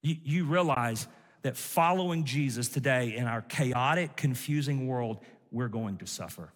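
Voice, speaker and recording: A man's voice: mid-range voice, normal speed, big-room sound. A male pastor preaching an emphatic sermon to a congregation, with asides to the listeners.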